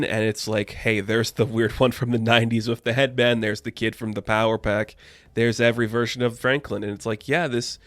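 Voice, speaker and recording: A man in a relaxed, chatty comic review recaps the issue in a rambling way and keeps dropping "like" as he goes. His voice sits at an ordinary middle pitch. The recording is close and dry, with almost no room sound. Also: no room sound. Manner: rambling, heavy use of "like" fillers.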